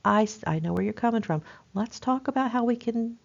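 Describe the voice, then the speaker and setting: A woman reading the part of a female nurse who speaks in a calm, soothing way to a patient. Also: a little high, fairly quick, gravelly, highs cut off, voice pushed up.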